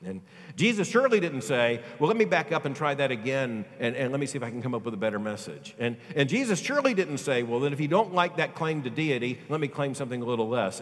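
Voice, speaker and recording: A male pastor preaching a sermon, swinging from loud, emphatic high lines to quiet, low ones. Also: very animated, quick pace. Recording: long reverb of a large hall.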